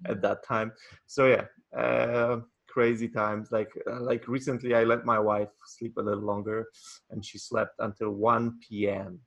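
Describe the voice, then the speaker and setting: A man, chatting casually as an interview guest from his home office, halting often with fillers and restarts. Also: lowish voice, flat delivery, creaky, lo-fi sound. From Poland. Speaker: guest, wedding photographer.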